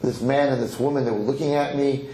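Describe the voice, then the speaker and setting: A man's voice: medium pitch, steady tone, quick pace, dark tone, pitched above the performer's own voice, close to an everyday voice. A man voicing a weary enslaved young prince. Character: young man, a kidnapped prince now a kitchen slave, weary. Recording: echoey hall, faint ambience.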